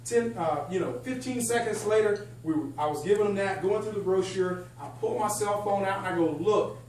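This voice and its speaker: A man giving a lively, excitable sales training talk to a live group, chatting and joking with the room. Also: high-pitched. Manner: energetic, excitable, chatty, jokes with the audience. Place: function room at a country club event. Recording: echoey room, distant mic, faint hum.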